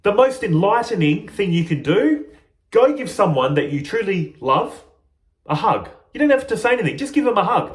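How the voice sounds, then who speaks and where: A man's fairly high, bouncing voice carries a spiritual teacher's reflective monologue. He stays playful and keeps laughing at himself. The room adds a clear echo behind him. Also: sing-song, moderate pace.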